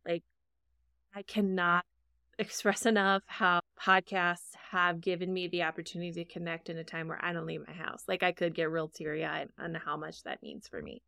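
Woman podcast cohost, chatty and laughy, smooth clear voice, dry close mic. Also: fairly low pitch, level tone, moderate pace, sharp tone, dry recording. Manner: chatty, laughs often, self-deprecating. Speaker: podcast co-host and producer. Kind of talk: casual chat.

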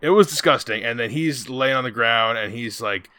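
Bright-voiced man retelling a film. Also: medium pitch, moderate pace, dry recording. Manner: rambling, profane, animated retelling. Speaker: podcast co-host. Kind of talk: casual film discussion.

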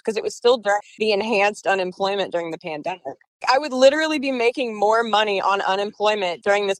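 A woman's voice: mid-range voice, no echo, low-quality recording. A young woman in her twenties recounts her story in a loose, chatty way, laughing easily and acting out the lines of others. Her voice sits in a middling register and sounds dry and close, with no room around it. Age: 20s. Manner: chatty, laughs often, acts out quotes. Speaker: guest telling her story. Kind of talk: casual storytelling.

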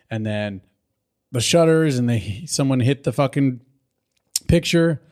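A man's voice: medium pitch, animated, moderate pace, a little mellow, clean tone. A man co-hosting a casual chat, swearing a lot and laughing often. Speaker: podcast co-host.

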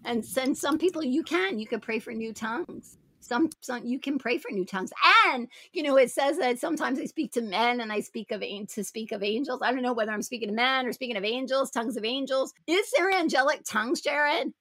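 A woman's voice: fairly high pitch, fairly quick, hardly any pauses, a bit bright, no room sound. A woman hosting a Christian talk show, speaking in an emphatic, preacherly way and repeating her phrases. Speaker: show host.

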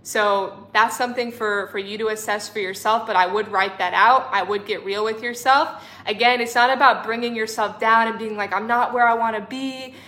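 A woman's voice: mid-range voice, steady tone, normal speed, few pauses, bright, forceful tone. A young woman spiritual coach in a casual livestream, effusive and affectionate, calling her viewers sister and honey. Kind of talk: livestream talk reading chat comments.

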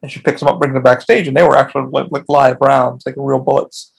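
Gravelly, husky-voiced man telling stories. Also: medium pitch, fairly even intonation, fast talker. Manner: profane, rambling, frequent restarts. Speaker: podcast host. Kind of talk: casual rambling storytelling.

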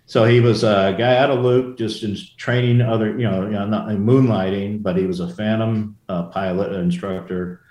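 A man's voice: on the low side, fairly even intonation, normal speed, hardly any pauses, a little mellow. An older man, a former Marine aviator, telling stories in a casual interview, rambling with many restarts and asides. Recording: roomy echo.

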